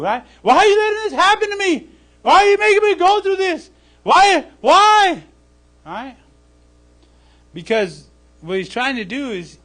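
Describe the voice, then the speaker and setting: A man pastor teaching in a live church service, acting out little scenes and checking in with the listeners by asking "okay?" again and again. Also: fairly high pitch. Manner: animated, acts out scenes, asks "okay?" often.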